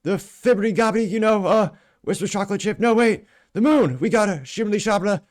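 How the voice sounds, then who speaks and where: A man's voice: high voice, a little fast, pitched above the performer's own voice, close to an everyday voice. Brief: a man doing a confused old politician who mumbles and stammers in a pushed, raised voice. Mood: rambling. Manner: mumbling, stammering nonsense with "uh" fillers. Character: rambling, confused elderly male politician. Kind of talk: mock impression in commentary.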